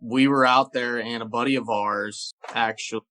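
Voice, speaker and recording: A man at a middle pitch talks casually with his guests, with a bright, forceful tone. His delivery is relaxed and full of small pauses. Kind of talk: casual chat.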